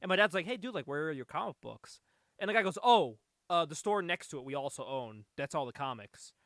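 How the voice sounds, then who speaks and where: A man hosting a casual comic-book podcast, telling excited, profane stories and laughing often. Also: fairly high pitch, a little fast, no echo, clean studio sound. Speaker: podcast host. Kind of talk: casual chat.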